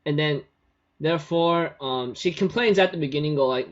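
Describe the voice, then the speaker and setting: A man recapping an anime episode in a loose, rambling way. His voice sits a little high for a man, he laughs often, and he leans on "you know". The recording sounds dull and lo-fi. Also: lively intonation, normal speed. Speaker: anime reviewer. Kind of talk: casual spoken recap. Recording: muffled lo-fi recording.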